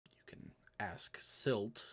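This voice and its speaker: A man voicing a smug, blunt male cat nobleman who speaks low and smooth in a tabletop game. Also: unhurried, lightly acted. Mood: suave.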